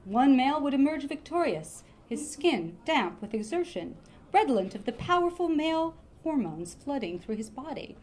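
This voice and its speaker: A woman reading a comic novel aloud in a lively, expressive way. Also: sits high, moderate pace. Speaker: reader.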